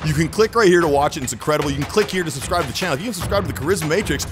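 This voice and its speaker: A man's voice: a little high, very fast, music in the background. A man hosting a video channel, casually breaking down a clip in an analytical way and laughing now and then. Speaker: social skills coach and channel host.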